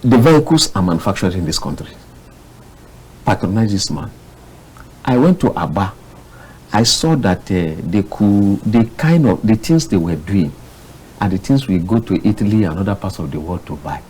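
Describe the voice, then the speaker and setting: A Nigerian man with a husky voice argues on a TV panel. He sounds exasperated and impassioned, and his pitch swings dramatically, shooting up high in his outbursts. The sound is a studio mic. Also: lively intonation, moderate pace, mellow, poor audio. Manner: impassioned, exasperated, jumps to sudden high bursts. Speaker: public affairs analyst. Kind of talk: heated studio panel commentary.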